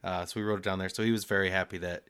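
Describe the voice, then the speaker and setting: A man with a low voice and a bright, forceful tone chats on a podcast. His banter is dry and dismissive. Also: little pitch movement, racing, smooth. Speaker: podcast co-host. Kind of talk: casual chat.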